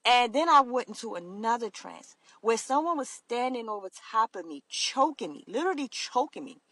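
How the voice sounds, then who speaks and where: A woman telling her own story to camera, earnest and halting, with many fillers and restarts. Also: a little high, very animated, a bit bright, no room sound. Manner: earnest, emotional confiding. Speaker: vlogger.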